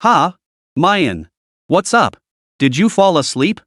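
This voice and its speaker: A man's voice: a little high, big pitch swings, slow pace, dry recording, studio quality, heavily acted. A man voicing a shy, drowsy young college woman. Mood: sleepy. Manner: soft, drowsy replies.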